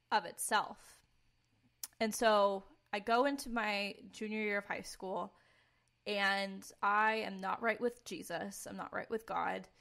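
Speaking with vocal fry at medium pitch and a fairly bright tone, a young woman on a podcast opens up about her faith testimony. She's casual, sincere and candid, with "like" cropping up constantly.

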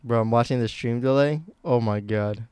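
A man's voice: mid-range voice, normal speed, darkish tone, clear, resonant tone, no room sound. Chatty young male game streamer. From United States. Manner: rambling, chatty, self-mocking. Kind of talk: casual live-stream chat.

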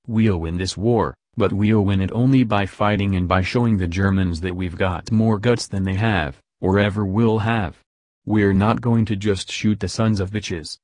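A man reading out a blunt, profane army general's speech to his troops in a gruff, commanding manner. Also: fairly low pitch, a little mellow, no echo. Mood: fierce. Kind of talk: read-aloud speech.

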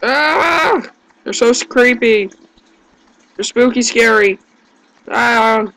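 A man's voice: very high-pitched, level tone, slow, bright, forceful tone, poor audio. A man giving gameplay commentary, yelping in panic and groaning at his own mistakes. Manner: panicky yelps and self-deprecating groans. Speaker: let's play gamer.

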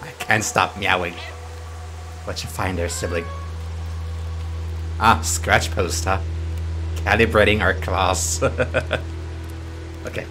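A deep-voiced man gives unhurried let's play commentary, cooing and giggling as he talks to the characters on screen. Game music plays clearly behind him. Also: steady tone, rough recording. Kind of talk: playful gameplay commentary.

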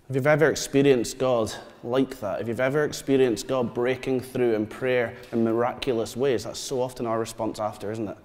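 A man, preaching a sermon. He tells stories and asks the congregation questions, dropping to quiet asides. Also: mid-range voice, fairly even intonation, normal speed. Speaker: pastor. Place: church hall. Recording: long church reverb.

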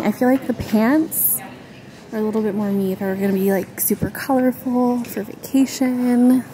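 Bubbly and chatty, a young woman vlogs casually to camera about her lifestyle, full of "like," "so cute" and other fillers. Her voice is a little high, with a noisy background.

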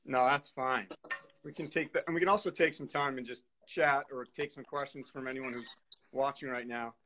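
A man's voice: mid-range voice, fairly even intonation, normal speed, bright, forceful tone, rough recording. Easygoing man hosting over faint hiss. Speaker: host. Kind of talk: casual live-stream chat. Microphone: video call.

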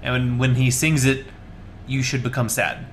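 A man's voice: medium pitch, flat delivery, normal speed, a bit bright, slight background noise. A man hosting a casual gameplay video, joking and chatting playfully with his co-player. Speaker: let's-play host.

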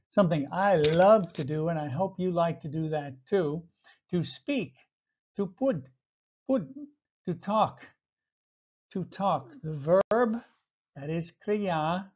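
A man teaching basic English verbs, repeating each word slowly and clearly with light chuckles. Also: fairly high pitch, a little mellow. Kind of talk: slow vocabulary lesson for learners. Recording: dull lo-fi audio.

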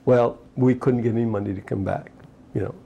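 Gravelly old man telling life stories. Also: mid-range voice, fairly even intonation, fairly quick, dark tone, muffled recording. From United States. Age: 80s. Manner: rambling storyteller, many "you know" asides. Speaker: retired fisherman recounting his life. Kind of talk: oral history interview.

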